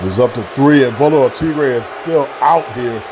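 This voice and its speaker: A man giving excitable play-by-play commentary on a wrestling video game, repeating phrases and breaking into shouts at big moves. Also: mid-range voice, normal speed. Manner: repeats phrases and restarts mid-call. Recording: loud game crowd and noise behind. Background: video game arena crowd noise.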